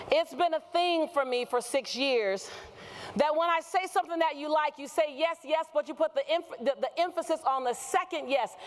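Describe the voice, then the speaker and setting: A woman motivational speaker giving a keynote on stage, using call-and-response with the audience and shouting at the peaks. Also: high voice. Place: conference hall with a live audience.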